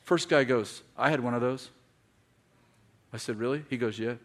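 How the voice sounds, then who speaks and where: A man preaching a sermon to a congregation, telling stories with quoted dialogue and building to shouted, repeated lines. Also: mid-range voice, normal speed. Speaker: pastor. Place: church in front of a congregation.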